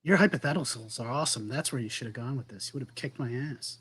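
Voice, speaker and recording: A man as a guest on a casual podcast, agreeable and low-key. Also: quick pace, a bit bright, slightly rough, no echo.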